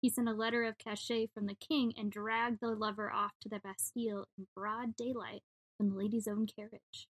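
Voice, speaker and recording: A woman's voice: mid-range voice, level tone, normal speed. A woman hosting a podcast, telling a true-crime history story in a chatty way with asides. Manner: chatty, reads notes with asides. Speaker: podcast host.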